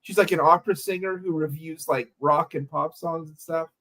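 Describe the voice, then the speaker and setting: A man's voice: fairly high pitch, steady tone, normal speed, pushed and bright, low-quality recording. A man in casual podcast chat, rambling with many likes and anyways.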